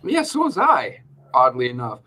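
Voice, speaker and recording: A man's voice: medium pitch, wildly swooping pitch, normal speed, bright, forceful tone. A male show host ranting in casual chat, joking and swearing freely.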